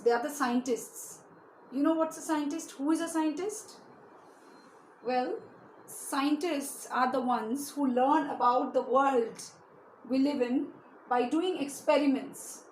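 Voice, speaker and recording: A woman's voice: sits high, takes it slowly, a little mellow. A woman teaching a lesson to young children, asking them many questions and often adding "you know". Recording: echoey room with faint hiss.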